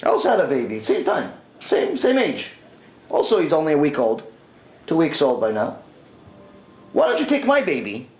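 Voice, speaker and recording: A man voicing a kind, eager Roman noblewoman who asks quick, insistent questions. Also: deep voice, wildly swooping pitch, a little mellow, soft background music, pitched below the performer's own voice. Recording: echoey room.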